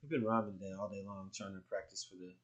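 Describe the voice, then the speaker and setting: A man's voice: sits low, steady tone, fast, highs cut off. A middle-aged man hosting a spiritual podcast in loose, rambling casual chat, swearing freely. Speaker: podcast host.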